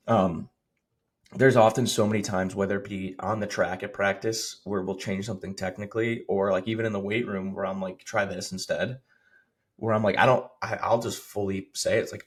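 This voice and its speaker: A man who coaches strength, co-hosting a podcast in a relaxed, rambling way, with lots of "like" and "you know". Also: on the low side, moderate pace, breathy edge. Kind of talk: casual podcast chat.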